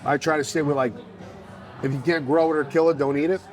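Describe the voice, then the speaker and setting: A man, a fitness coach chatting as a podcast guest, blunt and profane, telling animated stories. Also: fairly high pitch, fast, soft background music, low-quality recording. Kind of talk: casual podcast chat.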